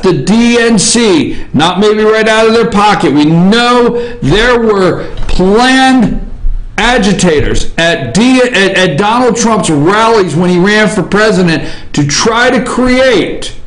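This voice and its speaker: A male talk show host delivers opinion commentary from an office at an unhurried, drawn-out pace. He rambles, circles back on his own phrases and punctuates his points with a questioning "okay?". The room around him is echoey. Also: sits high, a bit bright. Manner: rambling, repeats himself, tags lines with "okay?".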